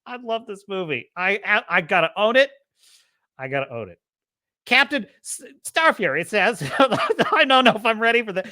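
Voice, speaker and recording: A man's voice: high voice, very animated, normal speed, bright, forceful tone, no room sound, studio quality. Fired-up, profane male podcast host. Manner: impassioned, profane ranting. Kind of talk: casual movie commentary.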